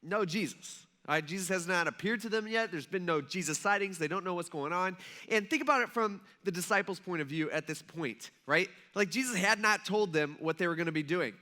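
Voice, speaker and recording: A male pastor delivers a casual, conversational sermon in a voice that sits high, brisk, pushed, and bright. He tells the story loosely, acting out the voices of its characters, and fills his speech with "kinda" and "like."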